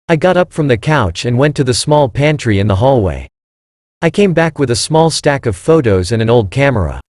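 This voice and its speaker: A man narrating a scripted first-person story in an even, unhurried reading manner. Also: mid-range voice, dry recording, studio quality.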